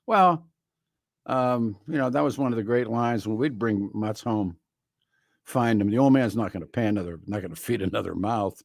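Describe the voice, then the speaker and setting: In a studio, a man hosts a talk radio show on a studio microphone, rambling through a wry monologue with lots of restarts. His voice is lowish and his speed normal, with no room sound.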